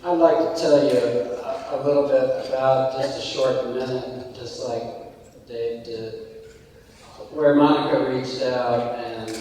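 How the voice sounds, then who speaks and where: Slow, mellow man telling a memorial story. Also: medium pitch, a little hiss or hum. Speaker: eulogy speaker. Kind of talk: memorial anecdote. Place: church hall. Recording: echoey hall from far off.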